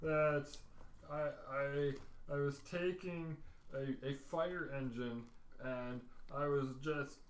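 A man putting on a loud, dopey brute of a villain. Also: a little high, steady tone, slow pace, reverberant. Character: Bull, a dim brutish male supervillain.

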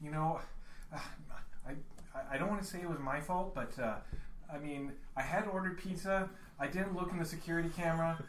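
A man's voice: a little high, brisk, reverberant, a little hiss or hum. A man playing a jittery, folksy superhero with laser powers who rambles and stammers in live improv comedy. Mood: nervous.

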